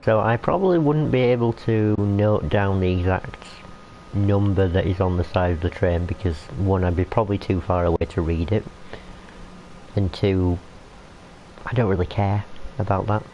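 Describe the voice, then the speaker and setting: Young man, very deep voice, rambling streamer chat, muffled lo-fi sound. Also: moderate pace. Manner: rambling, chatty, talks to the game. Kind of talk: casual chat while playing a train game. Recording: muffled lo-fi, faint hiss.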